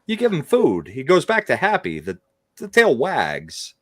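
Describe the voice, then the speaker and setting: A stilted, oddly paced celebrity impression, put on by a man on a video call, drifting from one tangent to the next. The pitch lurches up and down, and the sound is dry and close. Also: huge pitch swings, fairly bright tone, no echo, full character voice. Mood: deadpan rambling. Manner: stilted pauses, rambling nonsense tangents.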